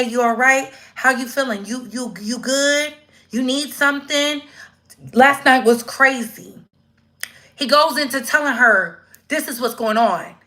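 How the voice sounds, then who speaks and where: A woman giving casual live-stream commentary, slangy and animated, acting out quoted voices as she goes. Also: high-pitched.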